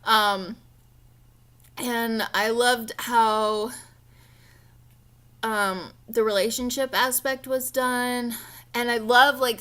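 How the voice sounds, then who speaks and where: A woman's voice: mid-range voice, fairly bright tone. A young woman chatting casually about books she read, gushing and playful, with lots of fillers. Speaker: book vlogger. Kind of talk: casual book review chat.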